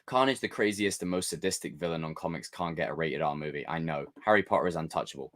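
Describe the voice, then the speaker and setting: A man's voice: a bass voice, fast talker. A man hosting a casual live stream, chatting with his viewers and joking with them. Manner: animated, jokey, talks to chat.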